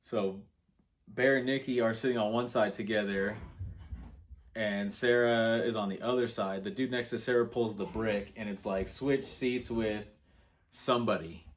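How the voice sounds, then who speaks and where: A man's voice: lowish voice, fairly even intonation, normal speed. Laid-back man recapping movie scenes. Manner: laid-back play-by-play recap, acting out lines. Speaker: co-host movie reviewer. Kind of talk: casual chat.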